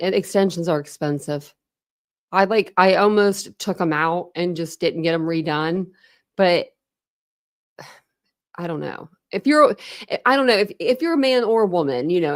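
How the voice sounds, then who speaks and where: A woman hosting a true crime livestream, chatting casually and greeting viewers by name between frequent laughs. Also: on the low side.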